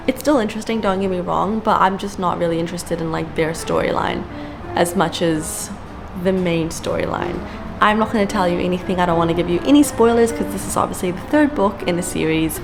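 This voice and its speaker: A woman chatting casually to camera at home as a book vlogger, gushing and stretching out words for emphasis, with sighs. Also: mid-range voice. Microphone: camera-mounted mic.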